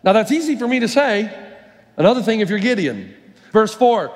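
High-voiced preacher in a reverberant hall. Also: male voice, animated, fairly quick. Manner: storytelling, emphatic, varies his pace. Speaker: pastor. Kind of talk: sermon.

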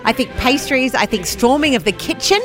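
A woman's voice: high-pitched, expressive, a little fast, over music. A woman co-hosting breakfast radio in a studio, bubbly and playful in casual banter. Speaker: radio co-host.

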